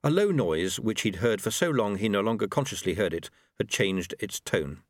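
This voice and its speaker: Expressive male audiobook narrator. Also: on the low side, normal speed, dry recording, studio quality. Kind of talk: scripted narration.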